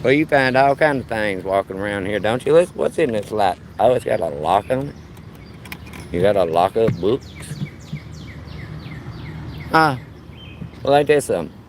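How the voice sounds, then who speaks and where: A man in his 50s talks to his dog in a joking, folksy manner while walking it outdoors on a neighborhood street during a live stream. His lowish voice is animated, at a moderate pace with long pauses, and there's slight background noise plus faint outdoor ambience.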